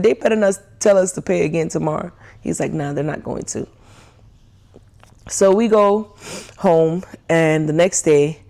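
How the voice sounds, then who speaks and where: A woman's voice: low-pitched, vocal fry. A young woman telling a frustrated story in a casual rant, often laughing and acting out what people said. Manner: animated, laughs often, acts out quoted dialogue. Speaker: vlogger.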